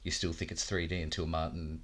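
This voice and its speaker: Man, very low voice, rambling casual podcast chat, laughs a lot, swears freely. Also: little pitch movement, fairly quick, fairly bright tone. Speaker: podcast co-host.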